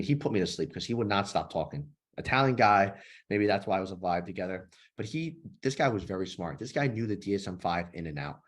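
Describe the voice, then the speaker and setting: Guy in his 30s, low voice, swears a lot, acts out all the back and forth. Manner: animated, profane, acts out dialogue. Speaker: guest, nonprofit founder and former police officer. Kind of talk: candid storytelling in a podcast interview.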